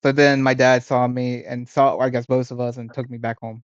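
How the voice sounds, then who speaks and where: A young man speaks at a middle pitch, halting and searching for words as he tells a memory. The sound is dry and dull, with no room echo. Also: little pitch movement, clean tone. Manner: hesitant, full of fillers and restarts. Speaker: podcast co-host. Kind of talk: casual chat.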